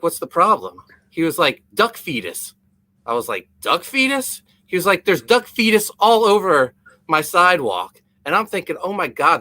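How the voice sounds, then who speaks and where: A man's voice: on the high side, bright, forceful tone, no echo. A man co-hosting a casual comedy podcast, telling stories in a rambling way that stumbles over and repeats words. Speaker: podcast co-host.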